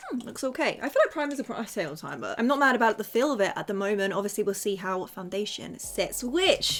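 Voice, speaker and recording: A bubbly woman chats away as she works through a makeup routine, speaking straight to the viewer. Her voice sits at an ordinary middle pitch, friendly and talkative. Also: fairly bright tone. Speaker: beauty vlogger. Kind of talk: casual makeup tutorial chat.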